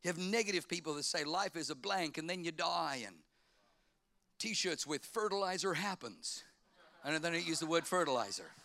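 A man preaching a sermon, fervent, repeating phrases and swinging from loud to hushed. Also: a little high, moderate pace, gravelly. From Australia. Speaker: pastor.

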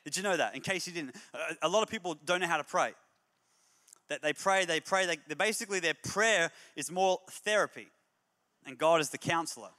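High, bright-voiced pastor. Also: male voice, brisk, in a large hall. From Australia. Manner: animated storyteller, jokey then emphatic and exhorting. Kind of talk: humorous energetic sermon.

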